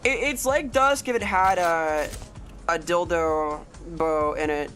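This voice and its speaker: Woman streamer, loose and goofy, swears a lot, chats to viewers, with soft music behind. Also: on the low side, takes it slowly. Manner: playful, rambling, swears freely, greets chat members. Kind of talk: live game streaming chat.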